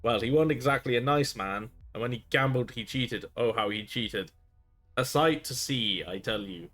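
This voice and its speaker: A man reading game dialogue aloud in character, voicing a shifty, boastful male space pirate marooned on a planet, with a gruff, wheedling, folksy way of talking. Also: mid-range voice, moderate pace, a bit bright, lightly acted. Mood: nostalgic.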